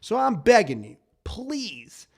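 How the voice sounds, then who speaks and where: A man's voice: sits high, huge pitch swings, slow, vocal fry, darkish tone, breathy edge. Emphatic man hosting a talk show. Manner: emphatic, pleading, repetitive stammers. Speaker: show host. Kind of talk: casual talk show with ad reads.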